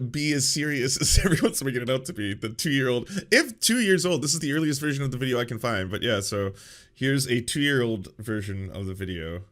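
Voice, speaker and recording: A man's voice: medium pitch, a bit bright. A man hosting a political commentary show, reacting to clips in a sarcastic, laughing way.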